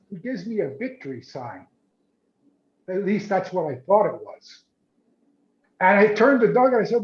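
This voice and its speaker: A man, a photojournalist, telling a long story in a casual, animated way on a video call, often repeating and restarting words. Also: high voice, moderate pace, pauses often. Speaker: photojournalist guest. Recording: roomy, dull video call audio.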